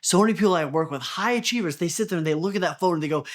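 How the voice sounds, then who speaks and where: Man, motivational business coach, fairly high voice, earnest, repeats himself, questions the listener. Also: rapid-fire, few pauses. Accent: Texan.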